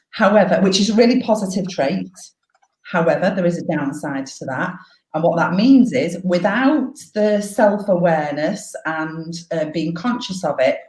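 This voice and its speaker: A frank, animated woman coaches live and swears freely. Her voice sits a little low. The sound carries a clear echo off the room walls. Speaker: life coach.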